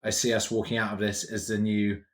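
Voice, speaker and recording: A man's voice: on the low side, level tone, a little fast. A man playing a tabletop game, musing aloud over options. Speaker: player.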